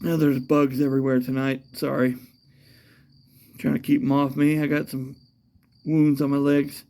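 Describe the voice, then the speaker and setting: A man's voice: mid-range voice, flat delivery, moderate pace, darkish tone. A man talking in a casual, meandering monologue, swearing often and restarting his sentences with lots of fillers. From United States. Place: outdoors at night.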